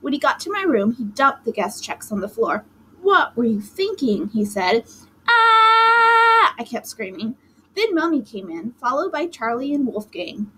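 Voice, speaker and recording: A woman with a fairly high voice reads a children's story aloud, telling it in the first person with lively, dramatic energy. A faint hiss sits under the recording. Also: moderate pace, rough recording. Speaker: audiobook narrator. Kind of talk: expressive storybook reading.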